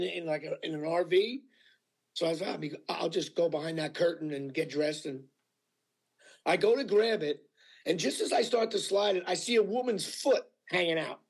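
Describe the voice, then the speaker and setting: A male actor telling anecdotes in a casual interview, animated and full of fillers, acting out what people said. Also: high voice, gravelly, breathy edge. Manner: animated storyteller with many fillers, acting out quotes. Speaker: actor guest.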